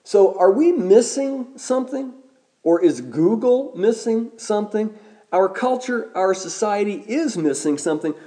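A man preaching a sermon as a pastor, measured and deliberate, slowing down to stress key words. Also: high voice, expressive, mellow.

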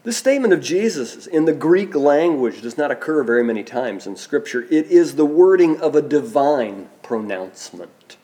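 A man preaching a sermon, slow and deliberate, letting his voice drop soft on key phrases. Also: on the high side, lively intonation. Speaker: pastor.

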